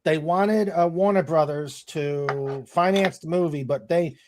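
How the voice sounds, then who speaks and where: A man's voice: a little high, measured pace, a little mellow. A man hosting a casual talk show, reading out chat comments and chiming in with short agreements.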